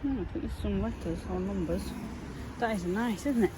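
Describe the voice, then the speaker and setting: A Yorkshire woman chatting to camera out in a muddy field, easily excited by what she finds. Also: medium pitch, a little fast, noisy background. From England. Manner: chatty, easily excited, talks to herself and viewers. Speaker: metal detecting vlogger. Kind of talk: casual talk to camera while digging.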